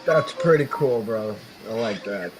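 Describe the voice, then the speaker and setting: A man's voice: fairly low pitch, expressive, unhurried, over music, poor audio. A man chatting as a guest on a live stream, hesitant and full of fillers. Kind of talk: casual live-stream chat.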